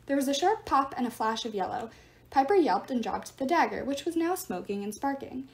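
A woman reading a novel aloud with expressive narration. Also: a little high, brisk. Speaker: book reader.

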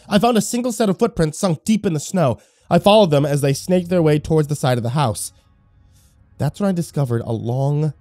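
A man reads a horror story aloud in a mellow, dark voice with lively pitch that rises and falls dramatically. The read is dry and close-miked, with faint music underneath. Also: no echo. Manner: dramatic storytelling, loud shouts for his own character. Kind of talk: scripted horror narration.

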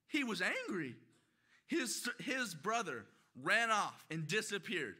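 High, bright-voiced shouting young preacher. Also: male voice, sing-song, slow, husky. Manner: preaches loudly with emphatic shouted declarations. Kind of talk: sermon. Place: church sanctuary.

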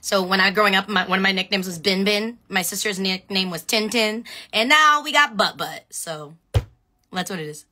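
A woman chatting excitedly on a phone live stream, answering viewer questions and shouting out fans. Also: medium pitch, moderate pace. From Filipino background. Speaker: reality show contestant on a live stream.

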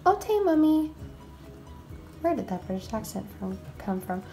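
A woman hosting a game roleplay video, talking casually and excitably as a mom, with frequent exclamations. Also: medium pitch, fairly quick, creaky, faint music behind.

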